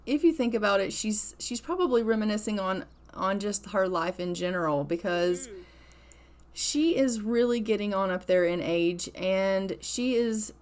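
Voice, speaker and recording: A woman narrates her life-sim gameplay in a relaxed, chatty way, retelling what her characters do. Her voice sits at an ordinary middle pitch. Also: a little slow. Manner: chatty, retells scenes with "she's like". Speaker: gaming creator. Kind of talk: casual let's-play narration.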